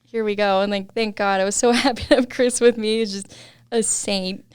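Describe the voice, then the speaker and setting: A woman's voice: medium pitch, fairly even intonation, normal speed, clear, resonant tone, no echo, studio quality. A young adult woman, a podcast guest, telling a story in casual chat, laughing often and saying "like" a lot.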